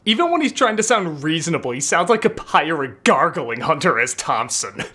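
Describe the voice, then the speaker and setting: A male critic narrating a comedic movie review with sarcastic, animated asides. His pitch swings wildly, and his tone is bright and sharp. Faint music plays underneath. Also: moderate pace. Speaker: film critic.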